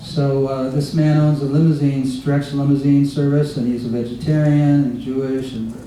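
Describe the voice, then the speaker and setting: A man giving an informal devotional remembrance talk, halting often with fillers and restarts as he recalls stories. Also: mid-range voice, little pitch movement, warm tone. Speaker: guest speaker. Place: devotees' home, recorded from across a room. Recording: echoey room from far off, faint hiss.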